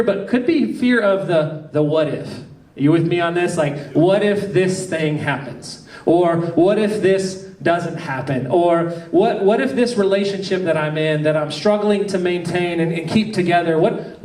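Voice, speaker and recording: High-voiced pastor in an echoey room. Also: male voice, a little mellow. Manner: storytelling, chatty with many restarts. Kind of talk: conversational sermon. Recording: echoey room, distant mic.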